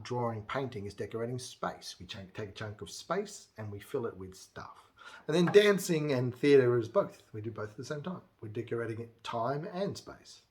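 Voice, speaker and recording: A man casually teaching music theory, counting beats aloud and now and then singing a line. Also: mid-range voice. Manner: chatty, counts beats aloud and breaks into song. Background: acoustic guitar playing.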